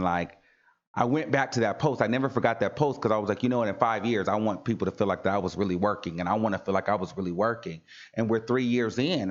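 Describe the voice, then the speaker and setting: A man's voice: on the low side, highs cut off. A man hosting a livestream talk show, speaking in an earnest, preachy way and repeating lines for emphasis. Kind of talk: casual motivational livestream talk.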